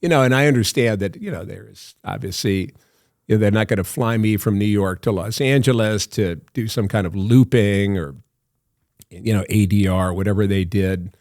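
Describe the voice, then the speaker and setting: A man's voice: on the low side, moderate pace, a little mellow, dry recording, clean studio sound. Older man telling a rambling story. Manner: rambling anecdotes with many fillers and laughs. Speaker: actor guest. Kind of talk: storytelling in a podcast interview.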